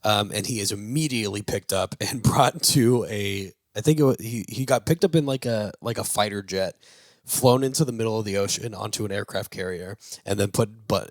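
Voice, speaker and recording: A low-voiced man retells a movie plot casually, tripping over his words with plenty of fillers. He laughs every so often, and his voice sounds close and dry, with no room echo. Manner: rambling, with many fillers and restarts; laughs while talking. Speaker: movie review show host.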